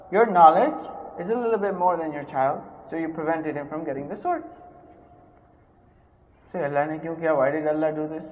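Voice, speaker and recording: A man delivers a sermon in a somewhat high voice, slipping into Hindi-Urdu phrases. He tells stories with sudden loud stresses and quiet drops. The recording is dull and carries a long reverb from a large hall. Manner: storytelling with loud emphatic rises and sudden soft drops. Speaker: preacher.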